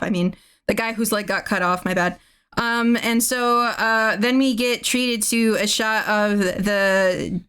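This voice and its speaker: A woman streamer rambles through a movie plot in a casual, swear-laden way, often restarting her sentences. She laughs at her own jokes as she goes. Her voice is smooth and clear, at a middling pitch for a woman. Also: fairly bright tone.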